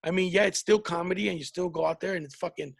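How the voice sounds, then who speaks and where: A comedian man hosts a podcast, his voice sitting high with a gravelly, husky texture. He talks loosely and profanely, circling back through restarts as he tells his stories. The sound is close and dry, with no room around it. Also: fast talker, dry recording. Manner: profane, rambling storytelling with many restarts. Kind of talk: casual chat.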